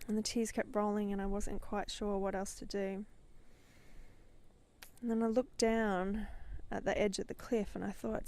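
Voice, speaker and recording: This podcast host, a middle-aged woman who mentors in business, retells a personal story dramatically, growing more intense and swelling at key moments. Her medium-pitched voice is warm and level, at normal speed.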